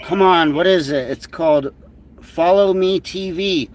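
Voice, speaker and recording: A man's voice: high voice, measured pace. A man co-hosting a livestream in casual banter, swearing a lot and mocking someone. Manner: mocking, swears a lot, shouts mimicked lines. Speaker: livestream co-host.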